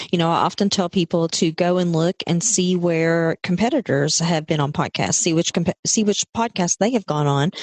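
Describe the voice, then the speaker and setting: Low-voiced woman co-host, dry sound. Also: darkish tone, no echo. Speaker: podcast co-host. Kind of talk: casual advice chat.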